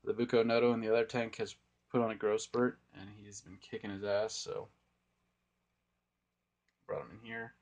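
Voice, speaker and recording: A young man's lowish, darkish voice barely shifts in pitch as he moves at a moderate pace, leaving long pauses. He's an aquarium vlogger casually rambling through a tank tour in an indoor room full of aquariums, filming on a handheld phone.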